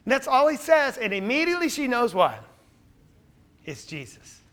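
In a very high-pitched, sing-song voice at normal speed, a man delivers a sermon where he raises questions for the audience and answers them himself, rising to emphatic, louder moments.

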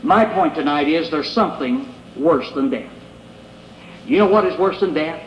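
A middle-aged man preaching an earnest, pleading sermon in a church, pausing to read scripture aloud. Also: on the high side, muffled recording, slight background noise. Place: church sanctuary. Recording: echoey hall, faint room ambience.

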